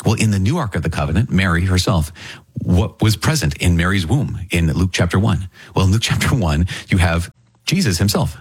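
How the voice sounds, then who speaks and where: Man, deep voice, husky, dry close sound, lively bible teaching with rhetorical questions. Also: a little fast, no room sound. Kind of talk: scripture commentary.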